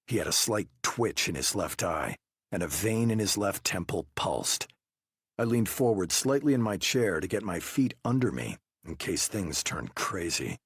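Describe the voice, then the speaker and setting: A man narrates an audiobook in the first person with a measured delivery. His low voice is husky yet lively in pitch, and the recording is very dry. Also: dry recording.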